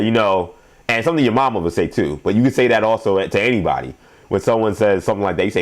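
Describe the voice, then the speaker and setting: A man's voice: fairly low pitch, animated, quick pace. A young adult man hosting a sports show, giving rambling, emphatic commentary and laughing at his own stories.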